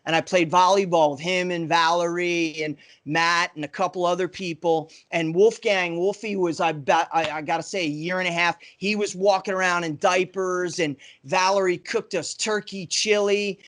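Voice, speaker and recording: A man's voice: high voice, steady tone, moderate pace, few pauses, a bit bright. A man in his fifties, a guest musician on a podcast, telling enthusiastic, rambling anecdotes full of "you know". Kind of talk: casual podcast storytelling.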